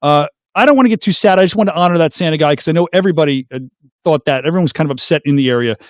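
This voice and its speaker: A middle-aged man, hosting a casual call-in show, goofy and excitable, making silly sound effects. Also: fairly high pitch, very fast, no echo, clean studio sound. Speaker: host of a call-in livestream show.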